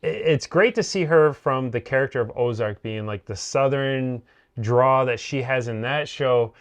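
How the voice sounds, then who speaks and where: A man's voice: medium pitch, normal speed. A man co-hosting a TV review show, talking casually and rambling with lots of fillers and restarts.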